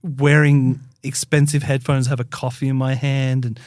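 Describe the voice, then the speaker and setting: An Australian man, a podcast co-host, telling a story in casual chat with lots of swearing and animated outbursts. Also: medium pitch, moderate pace, dry recording, clean studio sound. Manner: animated, profane, heated retelling. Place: podcast studio.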